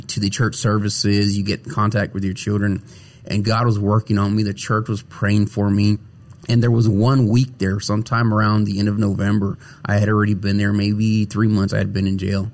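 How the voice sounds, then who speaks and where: A man telling his personal faith testimony as an interview guest, earnest and often repeating words as he searches for them. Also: on the low side.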